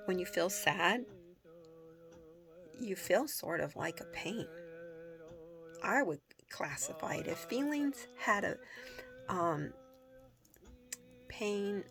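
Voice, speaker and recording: A woman talking casually to her viewers, rambling with many pauses and filler words, dropping into soft whispers now and then. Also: mid-range voice, creaky. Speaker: vlogger. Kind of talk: casual talk to camera.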